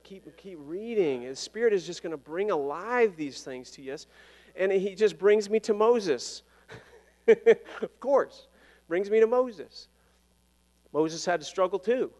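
A man preaches in a fairly high voice, telling his story in a loose, self-deprecating way and laughing at his own jokes. His words ring out with the long reverb of a church sanctuary. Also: darkish tone. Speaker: pastor. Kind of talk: sermon.

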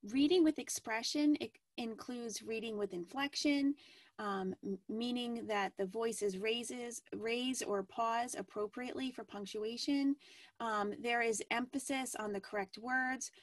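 A woman teacher presenting an educational webinar in a measured way, with frequent ums and restarts. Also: a little high, dry recording.

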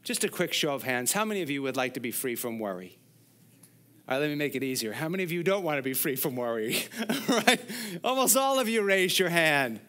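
A man's voice: a little high, big pitch swings, brisk, a bit bright. Male pastor preaching a sermon. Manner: expository preaching, speaks to the congregation directly. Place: church sanctuary.

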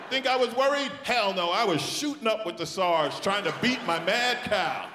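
A man doing live stand-up in a large theatre, ranting loudly and mocking people in put-on voices. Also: very high-pitched, lively intonation. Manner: loud, rapid rants with mocking put-on voices. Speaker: stand-up comedian. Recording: echoey theatre with crowd noise. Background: audience laughter and applause.

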